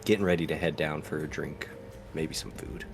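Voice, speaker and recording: A man playing a tabletop game, describing his character in a rambling, halting way with fillers. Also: very deep voice, fairly even intonation, gravelly, noisy background. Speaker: player. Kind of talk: casual tabletop play.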